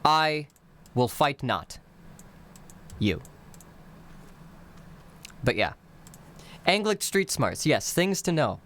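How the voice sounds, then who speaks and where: Male streamer-teacher, unhurried and patient, glossing phrases word by word, keyboard clatter underneath. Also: fairly high pitch, big pitch swings, a bit bright. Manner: slow, explanatory, breaks words into literal glosses. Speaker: conlang teacher streaming live. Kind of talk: casual live-streamed language lesson.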